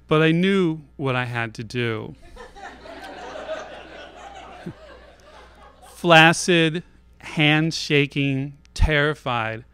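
Slow, wry male storyteller. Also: on the high side, fairly bright tone, smooth, no room sound. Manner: wry, self-deprecating, deliberate. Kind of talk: live personal storytelling. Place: theater stage, live show.

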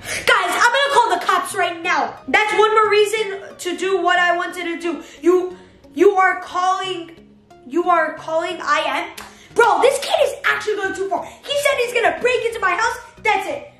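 A woman vlogging in a casual, excited way, reading messages aloud and reacting with animated exclamations. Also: extremely high pitch, moderate pace. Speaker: YouTuber. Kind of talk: excited casual vlog commentary. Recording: roomy echo with faint music.

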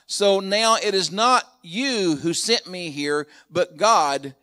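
A man, a pastor, preaching a sermon in a storytelling way, retelling a scripture story and voicing its quotes, building up loud at key points. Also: sits high.

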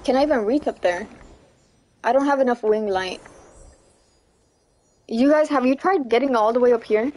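A young woman chatting casually through a gameplay livestream, giggly and chatty, squealing when something excites her. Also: on the high side, normal speed, long pauses. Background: faint game music.

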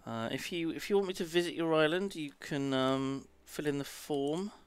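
A man's voice: fairly high pitch, moderate pace, smooth. A man streaming a game live, chatting casually, swearing freely and muttering apologies to himself.

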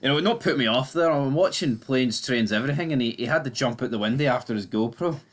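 A man's voice: medium pitch, animated, quick pace. A Scottish man co-hosting a football show, bantering and teasing his co-host in casual chat.

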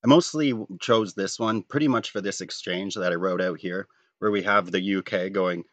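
A man's voice: deep voice, normal speed, no room sound, lo-fi sound. A man, talking casually and jokingly while drawing a comic, rambling and self-deprecating. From Canada. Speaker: comic artist.

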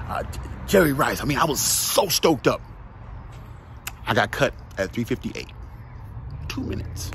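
A man's voice: medium pitch, vocal fry, background noise. A man, a former football player, giving an emphatic motivational talk, repeating key phrases and asking the listener direct questions.

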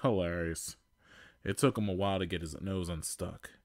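A man's voice: low-pitched, fairly even intonation, moderate pace, dry recording, clean studio sound. A male podcast host reading fan fiction aloud, amused, with laughing asides.

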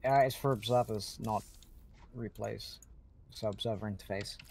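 A man's voice: fairly low pitch, fairly even intonation, moderate pace, gravelly, darkish tone, a little hiss or hum. A man casting a strategy game stream, bantering playfully and teasing himself and his co-caster. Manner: playful, self-mocking banter. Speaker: esports caster. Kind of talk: joking game commentary.

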